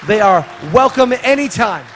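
A man's voice: high voice, lively intonation, moderate pace, fairly bright tone, a faint crowd, a little hiss or hum. A man giving church announcements and leading a prayer in a chatty, rambling way with joking asides. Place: church sanctuary. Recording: reverberant church hall with faint music.

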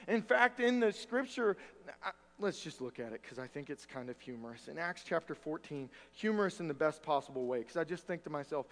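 A man preaching a sermon as pastor, earnest with wry humor, moving between loud emphasis and quiet asides. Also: fairly high pitch, lively intonation, moderate pace. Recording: long hall reverb.

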